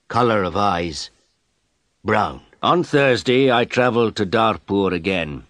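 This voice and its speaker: Male story reader, low-pitched, slow deliberate narration. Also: no echo.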